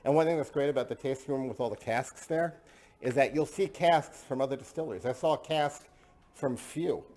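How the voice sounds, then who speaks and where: A man's voice: medium pitch, a little fast, a little mellow. A man hosting a casual tasting discussion, enthusiastic and chatty, often repeating himself. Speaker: host.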